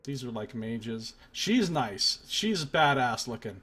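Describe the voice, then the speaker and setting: A man's voice: medium pitch, very animated, slow, fairly bright tone, slightly rough. A young man hosting a game stream, musing aloud in casual, half-mumbled commentary. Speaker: let's play host.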